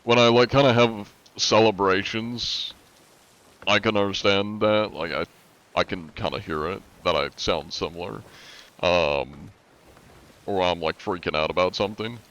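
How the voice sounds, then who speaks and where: A man with a very low, slightly raspy voice chats casually on a live stream, talking in a flat monotone. His speech leans heavily on filler words. The audio sounds a little dull and lo-fi. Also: measured pace. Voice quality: raspy-ish, not smooth.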